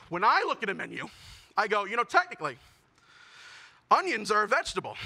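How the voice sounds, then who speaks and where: A young man performing a self-deprecating stand-up comedy set with animated storytelling. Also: high voice. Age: young adult.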